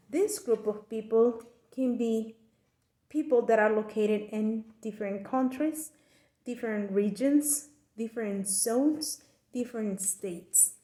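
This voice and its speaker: Slow, careful woman presenting in class. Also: mid-range voice, dark tone. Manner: careful, deliberate explanation with frequent restarts and non-native phrasing. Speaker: student giving a class presentation. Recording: echoey room.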